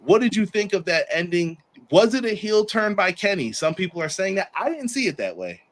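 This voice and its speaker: A man hosting a podcast, reviewing a wrestling show in a casual chat and acting out the wrestlers in quick put-on voices. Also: high voice, big pitch swings. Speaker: podcast host.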